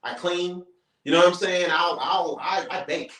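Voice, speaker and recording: Animated storytelling man, distant roomy mic. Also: high voice, normal speed. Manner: animated storyteller who acts out quoted voices, profane. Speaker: comedian and show host. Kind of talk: casual podcast conversation.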